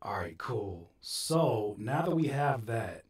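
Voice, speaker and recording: A man's voice: mid-range voice, big pitch swings, distant mic. Guy in his home studio singing choir parts then muttering to himself, echoey room. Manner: sings short harmony takes between quick mumbled asides. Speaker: rapper and music producer. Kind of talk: studio session vlog, singing choir takes. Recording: roomy, off-mic, loud music behind. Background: loud keyboard and organ music.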